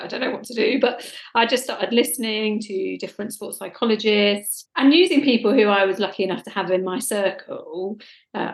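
A woman's voice: medium pitch, creaky. A woman with a Norfolk accent, co-hosting a podcast in casual, chatty conversation with quoted asides. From England. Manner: chatty, self-deprecating, with lively quoted asides. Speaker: podcast co-host. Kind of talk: casual chat.

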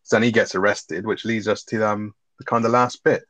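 A man with a fast, casual and sweary way of talking, reviewing a film with a co-host. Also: on the low side, fairly even intonation, a bit bright, dry recording, lo-fi sound. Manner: swears freely, retells scenes with quoted lines. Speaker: podcast co-host.

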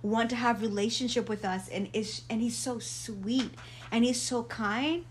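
A woman guest in a casual faith conversation, telling stories in quick bursts and laughing often. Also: on the high side, a little hiss or hum. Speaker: guest, traveling minister.

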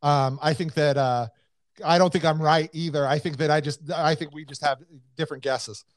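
Rambling American man, slightly high voice. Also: steady tone, normal speed, no room sound. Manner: rambling, many fillers and restarts, laughs often. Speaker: podcast co-host. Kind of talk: casual chat.

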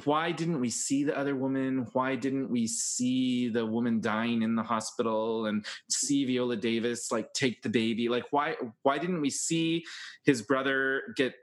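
A man's voice: mid-range voice, steady tone. A man co-hosting a podcast, chatting casually and giving strong opinions in long run-on stretches. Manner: opinionated, talks in long rapid run-ons. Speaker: podcast co-host. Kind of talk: casual chat about films and plays.

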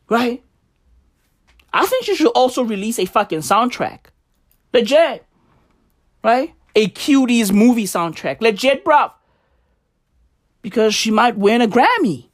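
Slow, sarcastic woman ranting. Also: fairly high pitch. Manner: sarcastic, profane, keeps asking "right?". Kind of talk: satirical comedic rant.

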